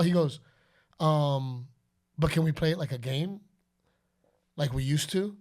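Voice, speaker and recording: Taking his time, a middle-aged man with a higher voice hosts a podcast full of casual storytelling. He is animated throughout, acting out quotes and announcer calls.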